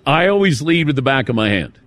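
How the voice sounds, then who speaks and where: A man's voice: medium pitch, big pitch swings, a little fast, a bit bright, dry recording. A man hosting a sports talk radio show, telling stories and laughing easily as he passes the talk to his co-hosts. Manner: storytelling, laughs easily, hands off to co-hosts by name. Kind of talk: casual radio show banter.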